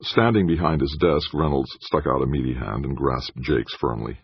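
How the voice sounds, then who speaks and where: Very deep gravelly male audiobook narrator. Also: normal speed. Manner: steady storytelling. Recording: dull dry studio sound.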